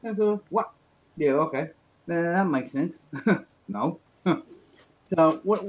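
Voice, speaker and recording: A man's voice: on the high side, expressive, slow, pauses often. Joking man on a muffled call. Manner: joking, rambling storyteller. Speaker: guest. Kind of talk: casual chat on a video call. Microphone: video call.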